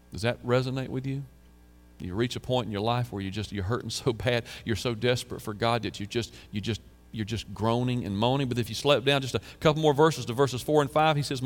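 A man's voice: mid-range voice, brisk, big-room sound. A man preaching a sermon as pastor, earnestly reading psalms aloud with emphasis and conversational asides. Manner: conversational asides, repeats phrases.

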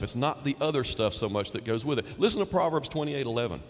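A man's voice: medium pitch, lively intonation, fast, hardly any pauses, big-room sound. A man, a pastor, preaching a sermon in a conversational way with emphatic repetition.

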